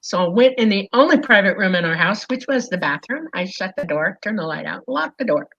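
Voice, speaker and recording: Woman guest, lively storyteller, mid pitch, slightly dull podcast audio. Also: a little fast, creaky. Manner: animated, lots of fillers and "okay?". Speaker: guest recounting an experience. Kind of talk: casual storytelling.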